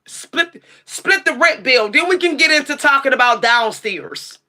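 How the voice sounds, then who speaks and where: A high-voiced woman with a bright, sharp edge, going off at her livestream chat. She is blunt, sassy and profane, and rises to shouting when she gets heated. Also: animated, a little slow. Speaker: livestream tarot channel host.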